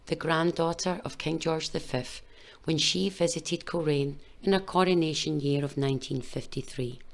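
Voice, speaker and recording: A woman narrates a documentary in a measured, solemn way. Her voice sits low and deep. The delivery is steady and scripted throughout.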